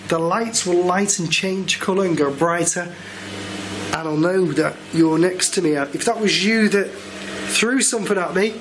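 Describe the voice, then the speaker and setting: A man investigating alone in a pub cellar, calling out to spirits in a coaxing, hushed way while filming himself. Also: sits high, noisy background. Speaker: paranormal investigator. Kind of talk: solo ghost-hunt narration. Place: pub cellar with beer kegs. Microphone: self-filmed camera mic.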